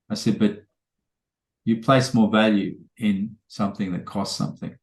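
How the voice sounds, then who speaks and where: A man's voice: on the low side, moderate pace, a little mellow, roomy sound. A man, a trainer telling rambling anecdotes full of quoted dialogue in a casual podcast interview.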